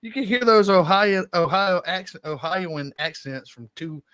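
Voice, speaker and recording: A man's voice: high-pitched, normal speed, bright, forceful tone, smooth, no room sound. A man with a Southern Georgia accent, co-hosting a podcast in casual chat, rambling through stories and laughing often. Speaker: podcast co-host.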